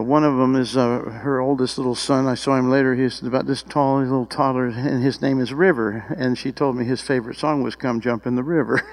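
A man preaching a sermon, telling a personal story with rising emotion and excited exclamations. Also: medium pitch, poor audio. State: tearful at times.

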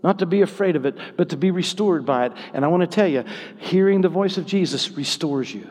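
A man preaching a sermon with passion, his voice swinging between hushed, tender stretches and loud, soaring exclamations. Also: high-pitched, a little fast. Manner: impassioned, swinging from hushed to shouting. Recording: long hall reverb.

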